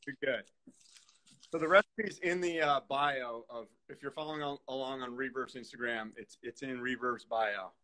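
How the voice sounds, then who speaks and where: A man's voice: mid-range voice, normal speed, bright, forceful tone, poor audio. A man hosting a live video chat in an easygoing, teasing way. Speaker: host. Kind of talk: casual live-stream chat. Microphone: video call.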